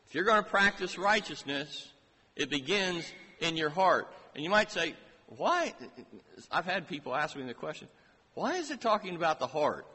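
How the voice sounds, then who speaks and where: A man preaching a sermon, slow and emphatic, asking many rising rhetorical questions. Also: a little high, very animated, pushed and bright, husky. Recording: long reverb of a large hall.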